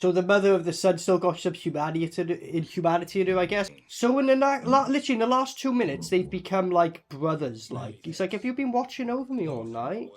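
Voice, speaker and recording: A man giving a casual reaction commentary on a film, excitable and profane, rambling with lots of fillers. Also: high-pitched, fast talker, few pauses. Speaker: movie reviewer.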